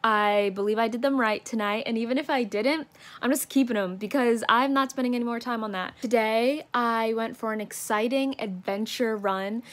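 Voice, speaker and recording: A student vlogger in her young adult years keeps a casual daily video diary during coronavirus isolation, with no symptoms. Her voice is on the high side at a moderate pace, and she's chatty and self-deprecating, often laughing at herself.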